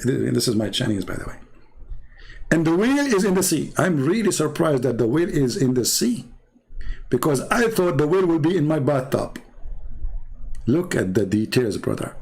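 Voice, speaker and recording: A man's voice: fairly high pitch, creaky, a little mellow, husky. A man speaking in mocking, sarcastic commentary in non-native English, drawing on screen as he talks.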